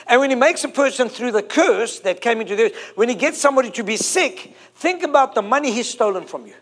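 High-voiced preacher, emphatic. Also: male voice, expressive, quick pace, fairly bright tone. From South Africa. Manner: emphatic, repeating phrases and drawing out key words. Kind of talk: sermon.

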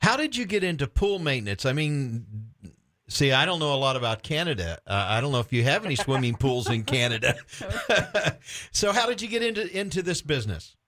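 A middle-aged man from Florida hosts a Christian radio talk show. His voice sits at a middling pitch, and he is warm-hearted in his enthusiasm, laughing often and stumbling over his words as he gets excited. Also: fast talker. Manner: upbeat, enthusiastic, frequent laughs and restarts.

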